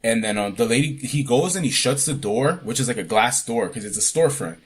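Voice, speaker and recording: A man's voice: medium pitch, animated, brisk, husky. A man co-hosting a podcast, telling a childhood story in a casual, profane, laid-back way. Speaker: podcast co-host.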